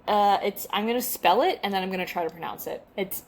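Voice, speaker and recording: A woman's voice: medium pitch, quick pace, hardly any pauses. Chatty woman podcast co-host. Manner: chatty, self-deprecating, stumbles over names. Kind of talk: casual chat, reading from notes.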